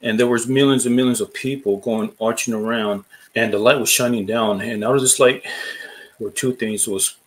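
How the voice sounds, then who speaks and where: A man giving a personal faith testimony. He speaks earnestly and haltingly, repeating words and restarting his phrases as he recounts the story. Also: medium pitch, steady tone, poor audio. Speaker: former boxer giving a testimony.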